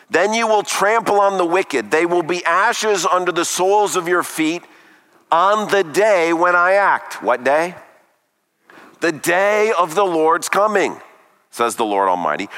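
High bright preaching man in a hall. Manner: emphatic preaching with dramatic pauses and rhetorical questions. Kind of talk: sermon.

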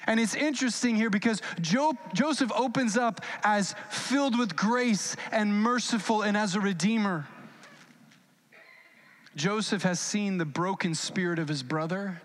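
A man with a fairly high voice delivers a sermon in a warm-hearted, conversational tone. He slips into lively character voices for the scripture he retells, with small stammered restarts along the way. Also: moderate pace. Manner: earnest, acts out biblical quotes in lively voices. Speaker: pastor.

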